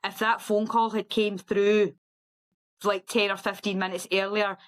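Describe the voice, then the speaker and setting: A middle-aged woman, a guest on a podcast, telling a story in a lively, animated way and acting out other people's voices. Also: unhurried, smooth, rough recording. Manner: lively, acts out quoted voices in a high sing-song. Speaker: guest ultra runner.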